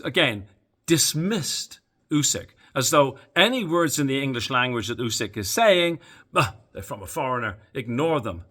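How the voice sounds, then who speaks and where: A man talking through a boxing press conference in a casual solo monologue, opinionated and openly sarcastic. He speaks slowly, pausing on ums and restarting sentences. His voice is bright and forward, at a middle pitch. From Canada. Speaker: boxing commentator.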